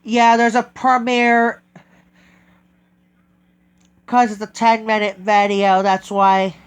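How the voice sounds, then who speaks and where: A man talking casually in a vlog, halting and correcting himself often as he goes. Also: high voice, level tone, smooth. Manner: halting, with many restarts and self-corrections. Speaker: train video vlogger.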